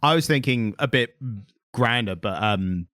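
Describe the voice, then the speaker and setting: A man co-hosting a podcast, chatting in a loose, rambling way and drifting into tangents. His voice sits at an ordinary middle pitch. The sound is dry and close, with no room around it. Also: lively intonation, a little slow, a bit bright, dry recording. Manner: rambling, tangent-prone storytelling with frequent fillers. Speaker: podcast co-host. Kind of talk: casual chat.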